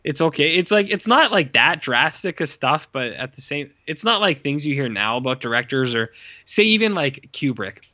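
Bright-voiced man, rambling film review. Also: medium pitch, big pitch swings, normal speed, highs cut off. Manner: rambling, profane, mimics people in quotes. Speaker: podcast co-host. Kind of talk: casual film review chat. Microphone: own microphone with mute.

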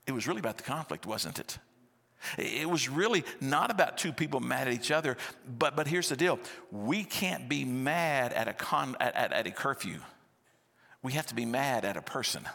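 A man, preaching a sermon in a lively, conversational storytelling style with rhetorical questions, in a church sanctuary. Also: mid-range voice, moderate pace, vocal fry. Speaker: pastor. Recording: long church-hall reverb.

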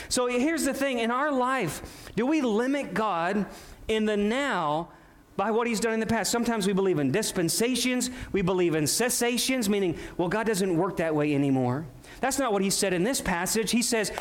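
A male pastor preaching a sermon in a church sanctuary, telling a scripture story with animated delivery and asking the congregation rhetorical questions. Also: high-pitched, moderate pace.

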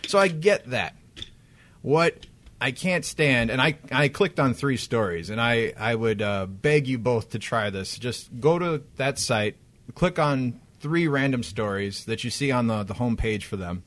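A man co-hosting a casual podcast who talks in a loose, rambling way and swears freely. His voice sits at a middle pitch and gets animated as he goes on tangents. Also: unhurried. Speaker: podcast co-host. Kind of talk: casual chat.

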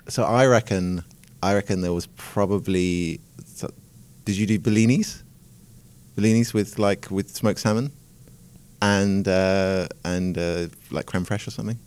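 A man's voice: sits low, fairly even intonation, a little slow, long pauses, a little mellow, clear, resonant tone. A man, a scientist hosting a podcast, talking in a rambling, self-mocking way. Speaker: podcast host, academic scientist. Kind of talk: casual chat.

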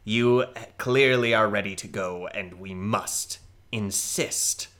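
A man voicing a stern, wary goblin elder who speaks gravely and slowly. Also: fairly low pitch, fairly bright tone. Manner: grave, slow and threatening.

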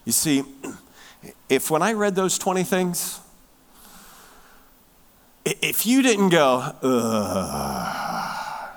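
A man preaching a sermon, emphatic, swinging from loud stressed words down to hushed near-whispers. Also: high voice, animated, takes it slowly, pauses often. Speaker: pastor.

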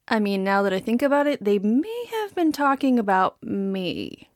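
A woman's voice: mid-range voice, animated, a little slow, no echo, clean studio sound. A woman hosting a podcast about art, talking in a playful, self-mocking, chatty way. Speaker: podcast host. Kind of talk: casual chat.

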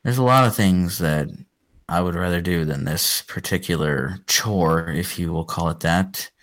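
Deep-voiced rambling man. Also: unhurried, a bit bright. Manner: rambling, self-deprecating, trails off. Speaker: podcast co-host, father. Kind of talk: casual chat.

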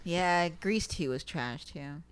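Excitable young man, lots of "like". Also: a little high, slow pace, slight background noise. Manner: enthusiastic, reacts a lot, says "like" and "dude" often. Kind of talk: casual chat.

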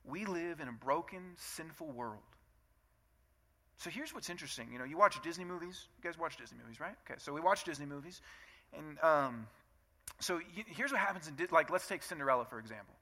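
A man in his thirties preaches with a bright, forceful voice, sitting a little above the usual male pitch. He talks to the congregation like a friend, firing off rhetorical questions and acting out both sides of arguments between spouses. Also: lively intonation, fairly quick. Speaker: pastor. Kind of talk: sermon.

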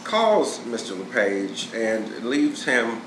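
A man hosting a podcast, retelling news in a halting, chuckling way. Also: mid-range voice, very animated, echoey room, background noise. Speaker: podcast host. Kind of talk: casual chat.

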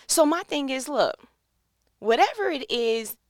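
A woman giving an animated, playful faith-based motivational monologue, speaking straight to the listener as if on a phone call. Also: sits high, unhurried, no room sound, studio quality.

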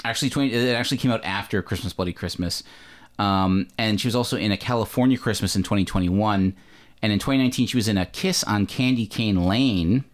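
A fast-talking Canadian man with a fairly low voice hosts a podcast. It's a casual movie chat, thick with fillers and self-corrections.

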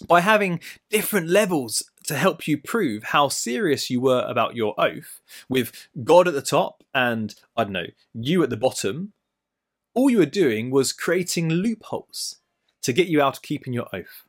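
Male preacher, middle-aged, sermon, playful asides, somewhat high voice, very animated pitch. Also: normal speed. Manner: lively storytelling with playful asides.

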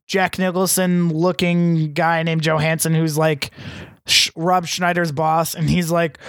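Man, high voice, dry close sound, casual podcast chat, rambling movie recap. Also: flat delivery, unhurried, fairly bright tone, clean tone, no echo. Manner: rambling recaps with mocking quoted lines. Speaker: podcast co-host.

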